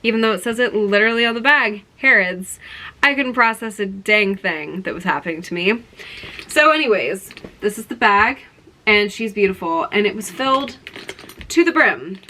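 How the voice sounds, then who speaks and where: A young woman vlogging in a casual, excited way, gushing and rambling as she shows gifts to her viewers. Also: medium pitch, poor audio. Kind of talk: casual chat to camera.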